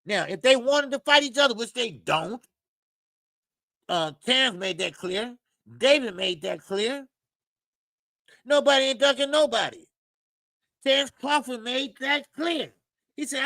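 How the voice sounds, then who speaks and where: Male host with a high, raspy voice, emphatic slangy boxing rant, dry room. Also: expressive, unhurried, long pauses, sharp tone, no echo. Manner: emphatic, repetitive, slangy, calls listeners "baby". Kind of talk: animated boxing commentary rant.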